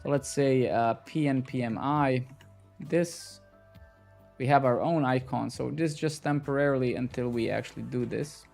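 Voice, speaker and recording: Gravelly man muttering while coding. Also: medium pitch, normal speed, a little mellow, soft background music. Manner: muttering to himself, swearing in frustration. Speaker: live-coding streamer. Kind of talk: live coding stream, thinking aloud.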